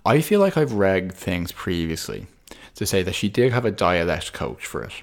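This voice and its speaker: A man with a very deep voice co-hosts a podcast in a casual but analytical way. He talks at length and loops back over his own half-finished phrases as he thinks aloud. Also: big pitch swings, moderate pace. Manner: talkative, thoughtful, many restarts. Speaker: podcast co-host.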